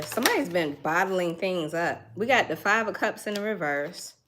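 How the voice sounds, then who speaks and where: A woman's voice: fairly low pitch, expressive, moderate pace, background noise. A woman giving a casual tarot reading, thinking aloud in a chatty way and laughing now and then. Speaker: tarot reader.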